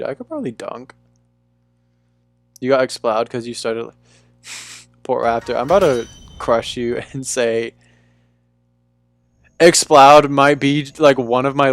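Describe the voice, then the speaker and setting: A young man chatting casually with viewers on a live stream from a room at home, laid-back and talkative, calling people "dude". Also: medium pitch. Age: young adult. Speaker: livestreamer.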